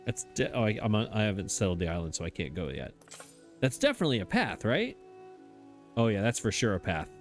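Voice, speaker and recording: A let's play host chats casually while playing a game, mocking himself and laughing as he goes. His voice is on the low side, very animated and fairly quick, with soft music in the background.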